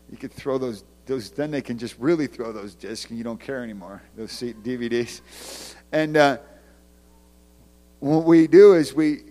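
A man with a slightly high voice gives a relaxed, chatty sermon as an evangelist. He talks the way he would tell a story, often stopping and starting again mid-sentence. His voice rings with a long reverb, as if he is speaking in a big hall. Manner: conversational storytelling, many restarts. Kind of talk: casual sermon.

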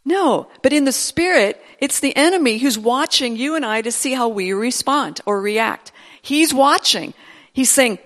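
A woman's voice: high voice, expressive, unhurried, a bit bright. A woman preacher giving a conversational sermon, acting out inner voices and repeating phrases for emphasis. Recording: long hall reverb.

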